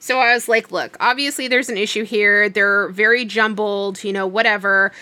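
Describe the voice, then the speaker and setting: A woman's voice: mid-range voice, normal speed, no room sound. A young woman casually telling a long work story, acting out the dialogue as she goes. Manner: animated retelling with quoted dialogue.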